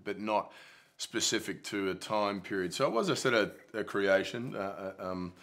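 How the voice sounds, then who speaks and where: A man's voice: lowish voice, normal speed, a bit bright. A man, an actor, answering interview questions in a loose, chatty way with plenty of fillers.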